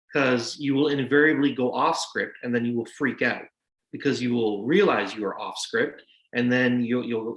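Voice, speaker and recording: A man's voice: medium pitch, fairly bright tone. A man in his forties, a lawyer and guest speaker, giving practical advice in a casual, self-deprecating way with many fillers. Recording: roomy echo.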